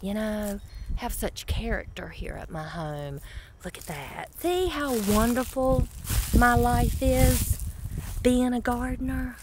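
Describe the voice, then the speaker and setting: A woman vlogging in her garden outdoors, chatty and excitable, cooing sweetly at her pets. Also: fairly high pitch, slow, background noise. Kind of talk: casual vlog narration.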